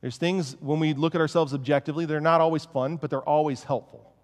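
A male pastor delivers an animated, conversational sermon, jokey and self-aware. His voice sits a little above the usual male range. It carries the long, lingering reverb of a church sanctuary. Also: fairly high pitch, fast talker. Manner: casual, joking, animated preaching.

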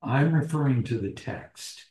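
Slow, dark-voiced man leading Bible study. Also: medium pitch, lively intonation. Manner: deliberate, restating phrases and posing questions to the group. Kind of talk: teaching a small-group Bible study. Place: church meeting room. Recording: roomy echo.

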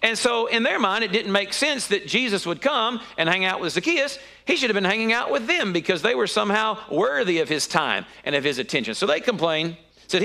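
A man preaches a sermon, telling the story with lively energy and leaping up in pitch when something surprises him. His voice is bright and a little high for a man. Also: fairly quick, vocal fry, few pauses. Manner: animated storytelling with sudden high-pitched exclamations.

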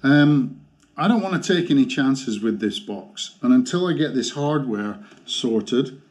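A man's voice: medium pitch, darkish tone. Exasperated man ranting a review. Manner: exasperated ranting, halting restarts. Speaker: motorcycle gear reviewer. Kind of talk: product review vlog.

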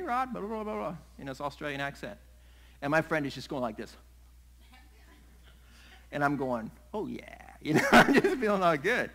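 A middle-aged man, a pastor, preaching a sermon in an animated way, acting out little scenes and laughing along the way. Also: mid-range voice, rough recording.

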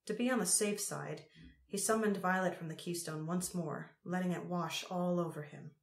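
A woman narrating an audiobook chapter in a measured, unhurried reading. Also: on the low side. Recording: roomy echo.

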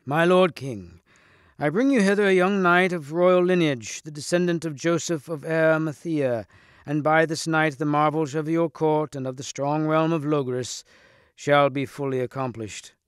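A man reading aloud, voicing an ancient bearded hermit who speaks slowly and solemnly. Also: fairly high pitch, clear, resonant tone, dry recording, clean studio sound, voice pushed up, close to an everyday voice.

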